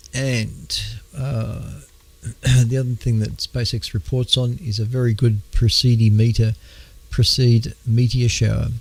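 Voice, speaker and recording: Gravelly Australian man hosting an astronomy show. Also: medium pitch, darkish tone. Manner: halting, with many fillers, clears throat often. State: losing his voice. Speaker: radio show host. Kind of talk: casual astronomy news talk.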